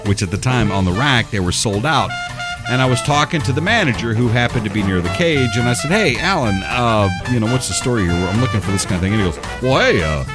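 A man's voice: medium pitch, expressive, quick pace, over music. A man hosting a casual radio show in a studio, rambling and correcting himself as he tells stories. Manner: rambling, chatty, self-correcting storyteller. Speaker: radio host.

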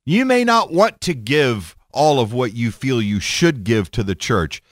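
A man's voice: medium pitch, big pitch swings, a little slow, no room sound, studio quality. A man voicing a smug male preacher in a syrupy, guilt-tripping way.

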